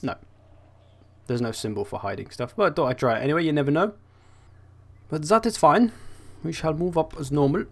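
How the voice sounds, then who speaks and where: A man's voice: on the high side, quick pace, creaky. A young man giving casual, wry commentary as he plays a strategy game, thinking aloud as he goes. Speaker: gaming channel host.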